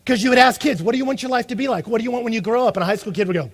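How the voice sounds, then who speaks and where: A man preaching a sermon in an animated way, acting out the voices of the people he quotes. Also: high voice, racing, few pauses. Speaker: pastor.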